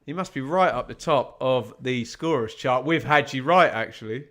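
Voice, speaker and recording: A man's voice: medium pitch, normal speed, fairly bright tone. Guy doing live football watch-along commentary, chatty, reads scores out, keeps asking the chat stuff, normal mid voice.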